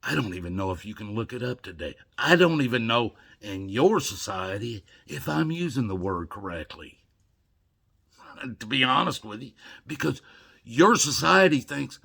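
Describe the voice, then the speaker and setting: An older man delivering an emotional, scolding monologue to camera, swinging between loud outbursts and hushed murmurs. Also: mid-range voice, very animated, moderate pace, vocal fry, slightly rough. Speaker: video blogger.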